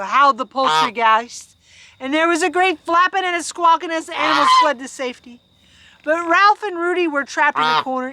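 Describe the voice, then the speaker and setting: High-voiced woman reading a farm story. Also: moderate pace. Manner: chatty, laughs, breaks off to talk to her animals. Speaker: storytime host. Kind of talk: reading a picture book aloud. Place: outdoors on a farm among geese, at night. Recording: outdoor farm noise with honking geese. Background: geese honking.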